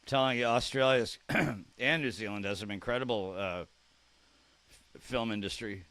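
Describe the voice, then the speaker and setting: A man's voice: medium pitch, normal speed, fairly bright tone. A man hosting a casual live stream, chatting and reacting aloud to messages from his viewers, sometimes repeating unfamiliar words as he tries them out. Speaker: streamer reading live chat.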